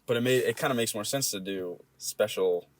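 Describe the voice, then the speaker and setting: A man's voice: fairly low pitch, a little fast. A young man co-hosting a podcast in casual chat, fidgety and self-conscious, often apologizing. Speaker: podcast co-host.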